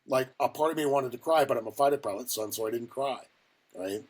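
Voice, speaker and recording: An older man from Ohio, a guest telling a long personal story in a rambling, profane way with lots of fillers and a husky voice. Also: mid-range voice, brisk, darkish tone. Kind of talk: casual storytelling.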